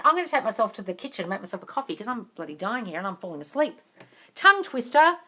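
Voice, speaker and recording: A woman's voice: on the high side, very animated, fast, bright, forceful tone. A woman hosting a live phone stream from home, answering viewer questions in a chatty, blunt way, swearing and calling people darling. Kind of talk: casual chat reading and answering comments. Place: home, moving about into the kitchen.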